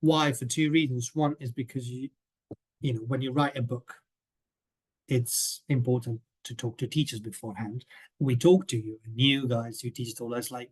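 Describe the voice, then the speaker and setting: A man's voice: medium pitch, fairly even intonation, moderate pace, slightly rough. A man presenting a coursebook in a webinar over a video call, chatty and often checking in with the listeners. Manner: chatty, keeps checking in with "okay?". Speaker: teacher trainer presenting a coursebook.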